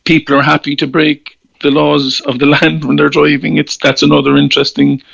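A man's voice: a little high, flat delivery, a little fast, vocal fry, fairly bright tone, slightly rough, dry recording, dull audio. A man with an Irish accent, a newspaper columnist guest, talking in a rambling, wry way with repeated words. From Ireland. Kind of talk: casual radio interview.

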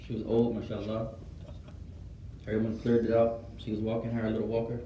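A man's voice: mid-range voice, a little fast, dark tone, slight background noise. A man teaching an informal class, telling stories and switching between Arabic and English. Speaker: Arabic and Islamic studies teacher. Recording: echoey classroom from far off.

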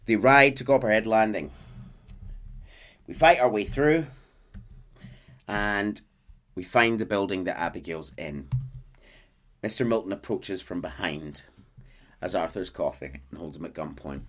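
Man retelling a story, low voice. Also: measured pace, pauses often. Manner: lively narration, briefly voicing characters in gruff drawls. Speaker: storyteller recapping a game plot. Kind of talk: casual retelling of a story to friends.

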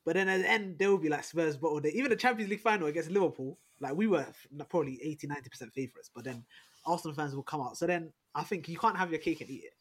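A young man making his case quickly and animatedly in a casual football podcast debate, with slangy phrasing. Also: on the high side, husky. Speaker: podcast panelist.

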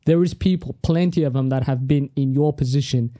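A man, a comedian guest on a podcast, telling a story in a casual, animated way. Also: medium pitch, fairly quick, no echo. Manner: animated storyteller who acts out other people's lines.

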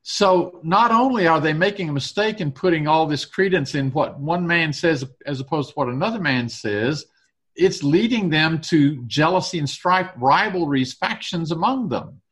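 A man's voice: fairly high pitch, expressive, moderate pace, a bit bright. A man leading a casual Bible study discussion, reading verses aloud and thinking through their meaning.

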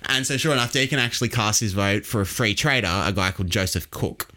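A man's voice: on the low side, fast, sharp tone. An Australian man hosting a podcast, explaining history casually and quizzing his co-host.

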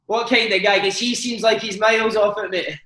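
A high-voiced man hosts a casual chat, laughing and pushing for stories, and he sounds echoey in a roomy space. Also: fairly even intonation, fairly quick, bright, forceful tone. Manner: laughing, eager questioner.

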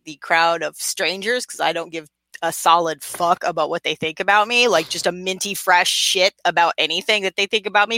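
A woman's voice: fairly low pitch, no room sound. A woman co-hosting a podcast in casual chat, swearing freely and acting out quotes as she tells stories. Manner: profane, animated storytelling with acted-out quotes. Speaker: podcast co-host.

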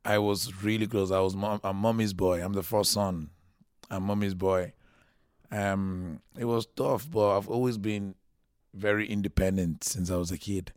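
A man in his thirties from Nigeria, a comedian guest telling his story in a casual, animated way with many restarts. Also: fairly low pitch, moderate pace, clear, resonant tone, no room sound, clean studio sound. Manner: chatty and animated, restarts a lot, acts out quotes.

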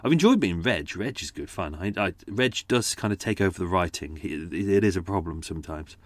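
Chatty male host, low voice, dry close sound, rambling and self-mocking asides. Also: expressive, a little fast, dry recording. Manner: chatty, self-deprecating, with frequent fillers and restarts; does character accents for his stories. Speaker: podcast host and storyteller. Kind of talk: casual rambling chat to listeners.

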